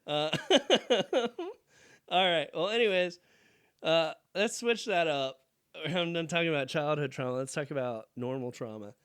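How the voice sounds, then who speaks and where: A man's voice: fairly high pitch, a little slow, fairly bright tone, clear, resonant tone. A young man co-hosting a podcast, telling a crude story casually with lots of laughing. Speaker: podcast co-host. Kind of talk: casual chat.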